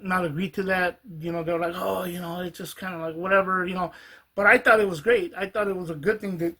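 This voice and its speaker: A man's voice: sits high, fairly bright tone. A man, a rap artist hosting a podcast, casually telling a studio story with many restarts and fillers.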